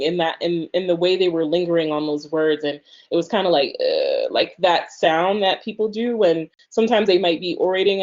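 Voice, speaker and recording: A woman's voice: on the low side, darkish tone. A woman leading an online workshop, talking loosely with many fillers over a video call. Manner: loose, filler-heavy speech. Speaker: workshop instructor. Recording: slightly muffled video call audio.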